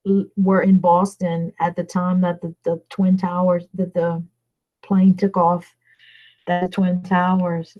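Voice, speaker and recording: Louisiana woman, fairly low voice, casual rambling chat with viewers, muffled lo-fi sound. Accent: Louisiana Southern. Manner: chatty, rambling, reading out viewer names. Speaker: livestream host.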